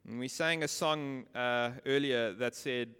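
A man's voice: mid-range voice, unhurried, fairly bright tone, clear, resonant tone. A man preaching a sermon with emphasis, posing rhetorical questions and repeating key phrases. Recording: long reverb of a large hall.

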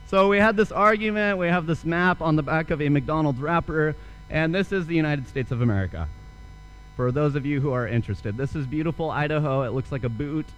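A man's voice: on the high side, a little fast, fairly bright tone, dull audio, a little hiss or hum. A young man preaching a sermon, telling a story and then asking earnest rhetorical questions. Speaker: pastor.

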